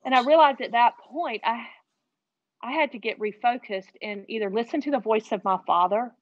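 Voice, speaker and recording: A woman telling a heartfelt personal story as an interview guest, earnest and animated. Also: a little high, normal speed, no room sound, highs cut off.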